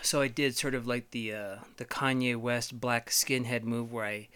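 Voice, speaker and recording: Casting: man, solo comedy host, profane rambling riffs, bright crisp voice. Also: mid-range voice, fairly even intonation. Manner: profane, rambling, halting with fillers. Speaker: podcast host.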